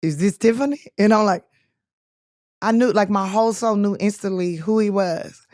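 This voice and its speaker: Lively, laughing woman telling stories. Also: mid-range voice, moderate pace, dry recording, clean studio sound. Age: 20s. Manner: animated, laughing, acts out voices in her stories. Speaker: guest. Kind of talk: casual storytelling.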